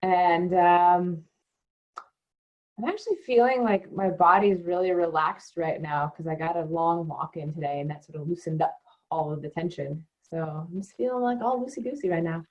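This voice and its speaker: A woman speaks in a lowish, upbeat, chatty way. Her voice comes through dull, muffled call audio. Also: normal speed. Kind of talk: video call check-in.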